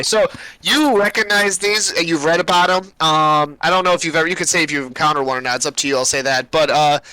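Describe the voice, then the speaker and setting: A young man narrating a tabletop game as game master, describing scenes in a relaxed way with many fillers. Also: on the high side, smooth, no echo, low-quality recording.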